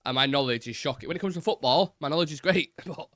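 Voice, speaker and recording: A man's voice: on the high side, fast talker, fairly bright tone, no room sound, clean studio sound. A young man hosting a live fan football show, chatty and frank with plenty of fillers.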